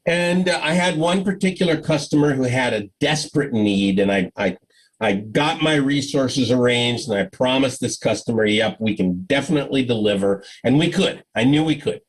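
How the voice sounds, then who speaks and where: A man's voice: mid-range voice, moderate pace, rough recording. A man giving a conference talk by video call, telling stories and acting out dialogue with frequent laughs. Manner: animated storyteller, acts out dialogue, laughs often. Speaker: conference speaker.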